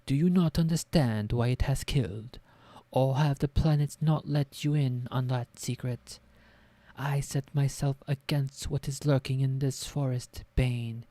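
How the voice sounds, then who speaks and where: A calm, serious male centaur speaks gravely and without haste, as a woman reading aloud gives him her own voice. Her tone stays mellow and dry in this storybook reading. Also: rumbling low, a little slow, dry recording. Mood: urgent.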